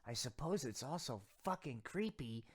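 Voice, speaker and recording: A man's voice: medium pitch, animated, normal speed, slightly rough. A man voicing a goofy, wholesome boy puppet who talks in folksy gee-golly exclamations in a comedy puppet sketch. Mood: chipper.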